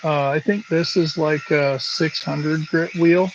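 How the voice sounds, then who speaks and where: A man hosting a casual live stream from his home workshop, talking slowly with many fillers while he works. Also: on the high side, steady tone, muffled recording. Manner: slow, halting, lots of fillers. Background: buffing wheel hum.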